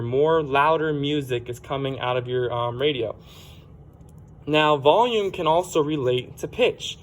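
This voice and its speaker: A man teaching a science lesson for children in a plain, explanatory way, sometimes correcting himself. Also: medium pitch.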